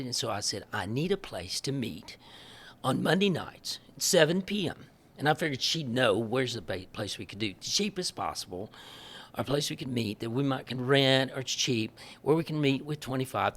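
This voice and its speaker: Man, interview guest, lively storyteller, acts out dialogue, laughs often. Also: medium pitch. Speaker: missionary guest.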